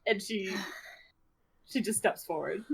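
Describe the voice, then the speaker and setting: A woman's voice: medium pitch, slow, gravelly, breathy edge. A woman player in a tabletop game who talks casually and restarts as she describes her character. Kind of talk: tabletop roleplay banter.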